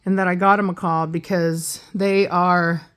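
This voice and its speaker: A woman's voice: little pitch movement, measured pace, clean tone. Candid rambling woman in her late thirties. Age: late 30s. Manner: rambling and candid, with frequent fillers and restarts; coos in a high, soft baby-talk voice to her bird. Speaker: vlogger and pet bird owner. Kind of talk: casual vlog chat.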